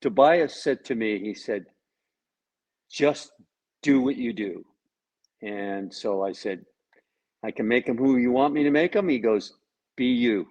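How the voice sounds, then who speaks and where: Expressive and unhurried, this actor pauses often as he talks over a video call about a role he played. His mid-range voice is a little mellow, and he jokes while recounting anecdotes full of quoted dialogue in a casual interview. The recording is rough.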